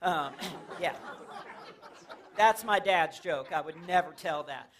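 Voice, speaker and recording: High, bright-voiced man doing stand-up. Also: slow pace, some chatter behind. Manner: animated storyteller, acts out characters, laughs at own jokes. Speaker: stand-up comedian. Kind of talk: stand-up comedy set. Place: church stage before a laughing audience.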